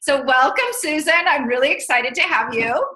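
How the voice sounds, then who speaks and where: A woman's voice: high voice, moderate pace, sharp tone, roomy sound, low-quality recording. An American woman hosting a vlog interview, talking in an effusive, enthusiastic way. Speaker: vlog host. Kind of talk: conversational interview.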